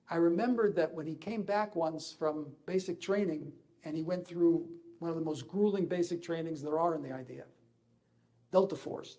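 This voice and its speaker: Older Israeli-accented man, slightly high voice, mellow tone, halting speaker. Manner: halting, searching for words, rising intensity in places. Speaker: ambassador giving a speech. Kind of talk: emotional personal speech.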